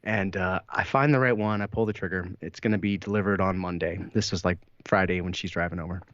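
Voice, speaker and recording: A man's voice: low-pitched, steady tone, quick pace, a bit bright, dry recording. A man co-hosting a podcast, telling a long story in casual chat, swearing freely, laughing often and acting out quotes. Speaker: podcast co-host. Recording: dry, slightly dull mic sound.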